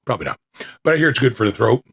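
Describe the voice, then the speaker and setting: A man's voice: mid-range voice, animated, very fast, vocal fry, fairly bright tone, slight background noise. A man hosting a small podcast, chatting casually with restarts, then reading an old lecture aloud, his voice still recovering. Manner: rambling and self-deprecating, with restarts.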